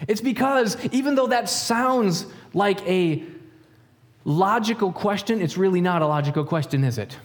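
Male pastor, conversational sermon delivery, slightly high voice. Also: expressive, moderate pace, in a large hall. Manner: conversational, asks rhetorical questions; acts out stories in quoted voices.

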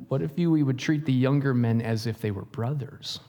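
A male pastor preaching a sermon in an animated way, with jokes and questions to the congregation. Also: medium pitch, a little fast, few pauses, big-room sound.

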